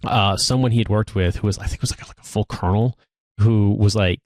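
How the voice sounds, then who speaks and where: A man in his thirties with a fairly low voice, co-hosting a casual podcast and spinning long rambling stories. He restarts sentences often and circles back on himself. The sound is dry and close. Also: quick pace, a little mellow, no echo. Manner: rambling storyteller, frequent restarts. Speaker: podcast co-host, army veteran.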